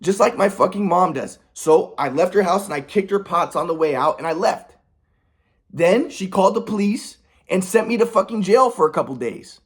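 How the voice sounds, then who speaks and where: A man's voice: sits high, expressive, moderate pace, slightly rough. A man in his thirties telling a personal story in a vlog, rambling and aggrieved, often repeating words and restarting his sentences. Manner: aggrieved, heated. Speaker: vlogger.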